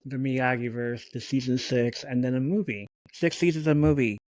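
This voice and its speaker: A man's voice: medium pitch, moderate pace, no echo. A man co-hosting a casual podcast chat, telling stories animatedly and acting out what friends said, with some swearing. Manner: animated storytelling, acts out quoted friends, swears. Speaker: podcast co-host.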